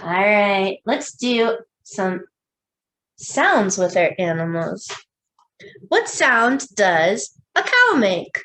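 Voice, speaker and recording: A woman, a children's librarian, leading a preschool storytime with songs, animal sounds and a picture book read aloud in a slow, sing-song, coaxing way. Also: mid-range voice, sing-song, a bit bright.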